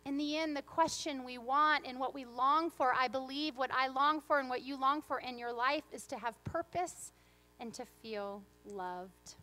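A woman's voice: high-pitched, normal speed, pushed and bright. A woman pastor giving a sermon in a church, moving between earnest reflection and playful, humorous storytelling. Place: church sanctuary.

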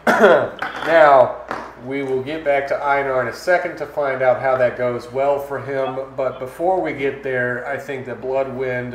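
A man running a tabletop game as game master, narrating scenes vividly with the odd filler. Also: mid-range voice. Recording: echoey room, faint noise.

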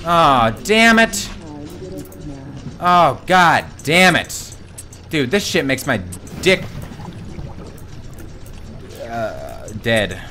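A man streaming a horror game live, talking to his chat, swearing a lot and yelping and shouting at every scare. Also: fairly high pitch, big pitch swings, extremely slow, pauses often, faint music behind. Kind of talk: live gameplay commentary.

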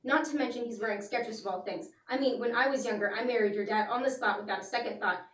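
A teenage woman playing an overbearing, nagging mother in a school comedy sketch, delivering a rapid scolding rant. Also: a little high, lightly acted. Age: teens. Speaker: student actor. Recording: echoey room from far off.

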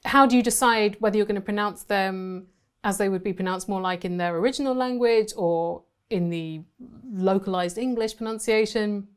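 A woman's voice: medium pitch, moderate pace, clear, resonant tone. A woman moderating a panel, asking curious questions. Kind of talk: panel discussion.

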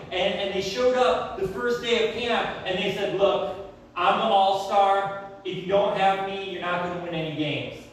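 A young man preaching a sermon in a church, telling stories in a conversational, animated way. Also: high-pitched, slight background noise. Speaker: pastor. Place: church sanctuary. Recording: very echoey, from far off.

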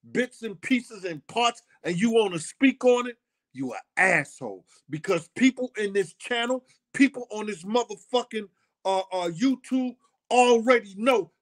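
A middle-aged man, speaking in a blunt, profane casual monologue and hammering his points home through repetition. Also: high voice. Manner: blunt, profane, repeats himself with emphasis. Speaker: host.

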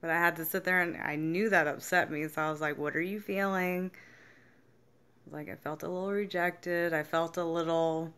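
A young adult woman self-help vlogger speaks briskly, with few pauses, in a low, steady, smooth voice that's fairly bright. Her casual, candid monologue about feelings is frank and laced with swearing, and she acts out people's quoted reactions.

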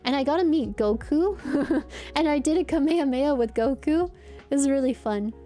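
A woman's voice: high voice, animated, normal speed, dark tone, soft background music. A young woman telling stories in a rambling, giggly vlog chat. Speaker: streamer.

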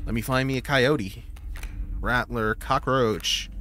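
A man talks through a video game at a relaxed, slow pace, in a voice neither high nor low. He thinks aloud, curses now and then and laughs easily. Soft game music plays faintly behind him. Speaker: streamer. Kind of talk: casual let's-play commentary.

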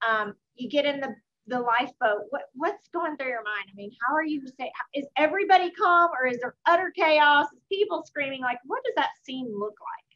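A woman's voice: high voice, animated, a little fast, few pauses, sharp tone, highs cut off. A woman hosting an interview, chatting casually and speaking enthusiastically to viewers. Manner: enthusiastic, addresses viewers directly. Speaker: interview host.

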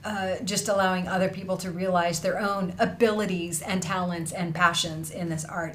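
A woman's voice: lowish voice, a little hiss or hum. Bubbly woman hosting a craft livestream. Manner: bubbly, effusive, laughs often. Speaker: host of an online felting school livestream. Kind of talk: casual livestream chat, reading student messages.

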